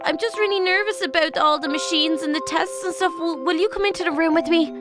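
High-pitched young woman roleplay host, hesitant delivery, music bed behind. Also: quick pace. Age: young adult. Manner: nervous, hesitant, lots of uhs. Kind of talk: casual game roleplay. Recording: background music under voice.

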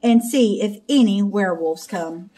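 A woman's voice: mid-range voice, measured pace, dark tone, lightly acted. A woman reading a storybook aloud and voicing a smart, practical young woman detective in a matter-of-fact way.

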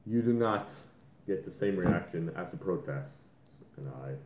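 A man's voice: low voice, expressive, measured pace, noisy background. A man co-hosting a podcast, ranting in a heated, profane way and mocking the people he quotes. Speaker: podcast co-host. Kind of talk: ranting casual podcast talk. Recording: tinny phone-like line in an echoey room.

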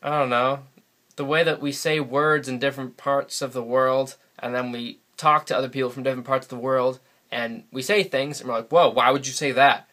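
Bright-voiced rambling New guy. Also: medium pitch, fairly even intonation, fairly quick. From New England, USA. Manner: rambling, chatty, laughs often. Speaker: vlogger. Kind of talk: casual solo vlog. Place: sitting alone in front of a camera. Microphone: camera mic.

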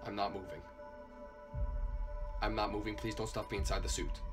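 A man's voice: mid-range voice, sing-song, moderate pace, bright, forceful tone, faint music behind. A man voicing a jittery failed cop turned night guard in a hobby plush video, stammering and repeating himself in panic. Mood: terrified.

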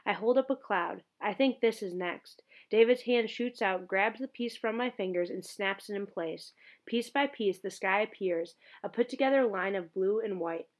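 A woman's voice: medium pitch, normal speed. Earnest woman narrating a novel. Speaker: audiobook narrator. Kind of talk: first-person novel narration.

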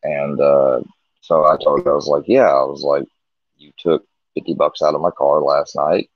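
A man from Missouri candidly rambles through a long personal story about his marriage, full of restarts and quoted back-and-forth. He has a steady bass voice at a moderate pace, heard on dry, dull lo-fi stream audio.

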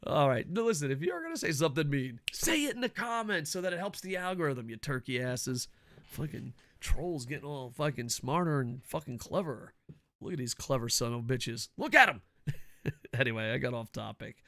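A cranky middle-aged man rants and swears his way through wrestling commentary. His voice is bright and a little high, and it sits dry and close to the mic with no room around it. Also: animated, normal speed, dry recording. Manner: loud, cranky, swears constantly. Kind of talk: profane ranting commentary.

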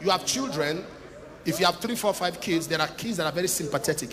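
A man preaching an animated, humorous storytelling sermon to a church congregation, now and then bursting into shouts. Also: a little high, quick pace. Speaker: pastor. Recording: reverberant church hall with music. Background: instrumental music.

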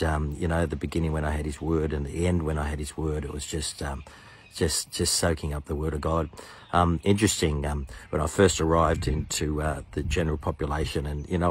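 A man's voice: very deep voice, slight background noise. A middle-aged man, a pastor, earnestly telling his personal testimony and acting out the voices of the people in it. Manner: earnest, enthusiastic, acts out quoted voices.

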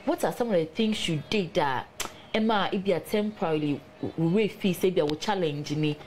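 A woman with a Ghanaian accent hosting a faith talk show, reading viewer comments aloud in an emphatic, unhurried way. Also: on the low side, a little mellow, slight background noise.

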